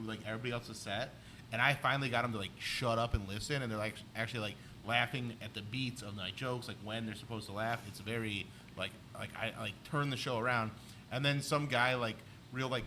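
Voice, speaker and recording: A man's voice: medium pitch, sharp tone, a little hiss or hum. A man, a comedian co-hosting a podcast, telling a rambling story in casual chat with lots of "like". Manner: rambling anecdotes full of "like".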